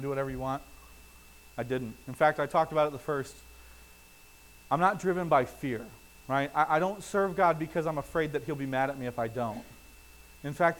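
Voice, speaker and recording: A middle-aged male pastor preaching an earnest sermon, pleading and rising to loud emphasis, then dropping soft in prayer. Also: high-pitched, low-quality recording.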